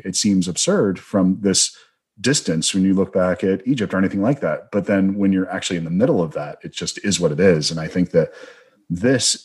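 A man's voice: low voice, breathy edge. A man hosting a film interview who talks in long, thoughtful, rambling reflections. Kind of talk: conversational interview.

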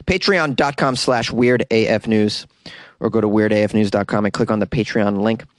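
A young Boston-accented man runs a casual solo podcast out of a small closet studio, joking about himself and laughing a lot. His voice is fairly low, and he speaks at a moderate pace. The audio has no echo.

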